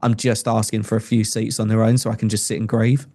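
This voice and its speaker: A man's voice: lowish voice, little pitch movement, fast, warm tone. A young adult man, a podcast guest telling a personal story in an earnest, conversational way with frequent restarts. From England.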